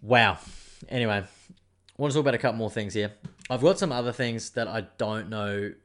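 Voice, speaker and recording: A man's voice: fairly low pitch, fairly quick, a bit bright. A young man, hosting a casual monologue show. He rambles and digresses and swears freely. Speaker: podcast host.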